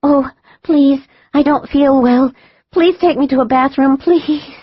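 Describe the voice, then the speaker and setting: A woman voicing a tough, capable young female agent who speaks briskly and practically. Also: lowish voice, dry recording, lo-fi sound, lightly acted. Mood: pleading.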